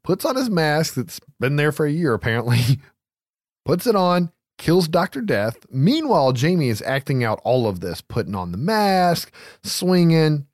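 Lively, laughing man recapping a movie. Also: on the high side, unhurried, no room sound, clean studio sound. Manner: laughing, swearing freely. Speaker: podcast co-host. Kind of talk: casual movie recap chat.

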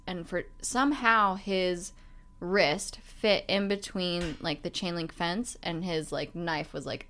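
Frank young woman with a smooth voice. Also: lowish voice, a bit bright. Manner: frank, speaks in loose run-on clauses with many "like" fillers. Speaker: guest. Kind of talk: candid storytelling in conversation.

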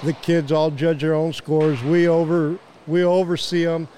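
Plainspoken Midwestern man, slightly higher voice. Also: little pitch movement, unhurried, dark tone, a little hiss or hum. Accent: Midwestern American. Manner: plainspoken, explains tournament logistics. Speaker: youth archery organizer. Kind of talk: casual conversation. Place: outdoor venue at a fairgrounds.

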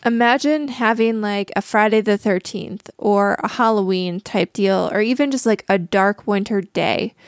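A woman's voice: medium pitch, normal speed, hardly any pauses, no room sound, studio quality. A woman co-hosting a casual podcast, chatty and curious, filling with "like". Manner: curious, chatty, uses 'like' a lot.

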